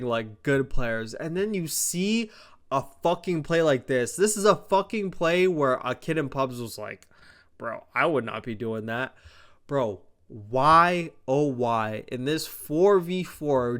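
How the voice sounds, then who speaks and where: Young male gaming commentator, slightly high voice, casual and heated, swears a lot. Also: lively intonation, a little slow, fairly bright tone. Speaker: esports commentator. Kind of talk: casual recap rant.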